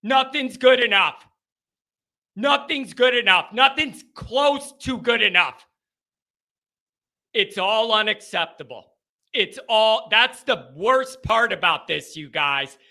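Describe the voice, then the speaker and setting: A man's voice: high-pitched, lively intonation, slow. A man hosting a post-game football call-in show, ranting and repeating himself with worked-up intensity. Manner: worked-up, yelling, repetitive ranting.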